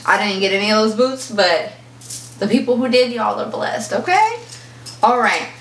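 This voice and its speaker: Woman, fashion vlogger, animated chatty storytelling, casual unboxing, echoey room, mic at a distance. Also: mid-range voice, slight background noise. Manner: chatty, animated storyteller who acts out quoted exchanges. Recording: roomy echo, mic at a distance, faint kitchen clatter.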